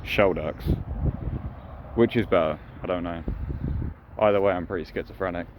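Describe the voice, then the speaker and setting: A man's voice: low voice, steady tone, moderate pace, highs cut off. A man vlogging outdoors by a pond, rambling and joking as he chats to the ducks. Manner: rambling, jokey, talks to the ducks. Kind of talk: casual outdoor vlog. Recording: noisy outdoor street sound.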